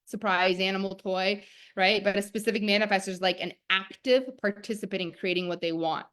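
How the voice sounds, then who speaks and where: A woman's voice: medium pitch, fairly even intonation, brisk, a bit bright, smooth. A young woman teaching a live-streamed masterclass, talking in a chatty, enthusiastic way full of "like". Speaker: online course teacher.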